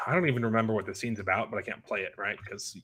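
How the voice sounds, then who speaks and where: A man hosting a casual chat show picks apart a TV series, sarcastic and dismissive, mocking scenes in put-on voices. His voice is fairly low, quick, and sharp, with a breathy edge.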